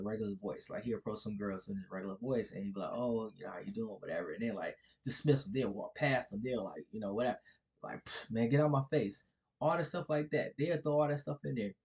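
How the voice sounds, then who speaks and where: A man's voice: mid-range voice, darkish tone. A man talking in a casual vlog monologue, chuckling often and rambling loosely, tagging his points with "right?" and "like". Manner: loose, rambling colloquial delivery. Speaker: vlogger.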